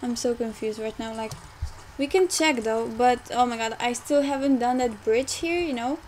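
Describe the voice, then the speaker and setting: A young woman rambling through casual gameplay commentary, full of fillers and quick to get frustrated, recorded at home on a desktop mic. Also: a little high, darkish tone, a little hiss or hum, rough recording. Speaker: game let's player. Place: home room, car audible outside.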